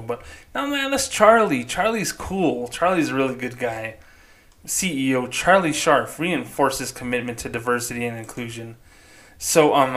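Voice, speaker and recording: Man, podcast host, blunt, sarcastic, outspoken commentary, mid-pitched voice. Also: a bit bright.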